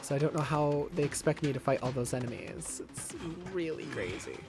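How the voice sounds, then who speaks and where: A man's voice: mid-range voice, a little fast, vocal fry. A young man streaming live gameplay, frustrated, swearing and ranting at the game. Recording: game music and gunfire behind. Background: game music and gunfire.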